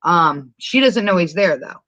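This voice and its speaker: A woman's voice: on the low side, animated, measured pace, a bit bright, dry recording, dull audio. A woman co-hosting a podcast, retelling a movie in a rambling, profane, casual way with frequent laughs. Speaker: podcast co-host. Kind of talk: casual movie recap chat.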